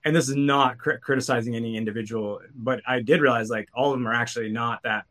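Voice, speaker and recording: Guy cohosting a tech podcast, rambles, lots of restarts and "like"s, mid-pitch voice. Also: steady tone, quick pace, fairly bright tone. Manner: rambling, many restarts and fillers. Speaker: podcast co-host. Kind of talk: casual tech podcast chat.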